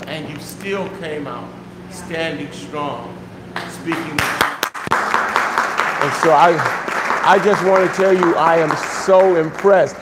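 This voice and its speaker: A man's voice: fairly high pitch, steady tone, slow, pauses often, over a noisy crowd. A man preaching as pastor to a congregation, emphatic and affectionate, repeating his key phrases. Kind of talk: church sermon to a live congregation. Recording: roomy hall with background noise.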